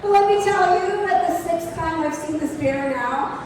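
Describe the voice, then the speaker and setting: A woman presenting at an outdoor show, telling a comic story to a live audience in an animated, chatty way. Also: extremely high pitch, moderate pace. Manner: animated, chatty, lots of "like" and "you know". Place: large exhibition hall. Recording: echoey hall from far off, noisy background.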